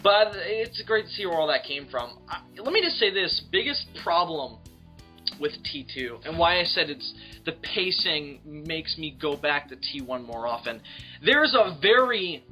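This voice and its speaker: A man's voice: fairly high pitch, sharp tone. A man co-hosting a casual film discussion, emphatic and opinionated, and he swears freely. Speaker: podcast co-host.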